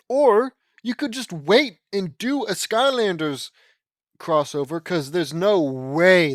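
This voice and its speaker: A man's voice: fairly high pitch, no echo, clean studio sound. A man reading fan fiction aloud as an audiobook at a home mic, often breaking off into rambling, exasperated asides.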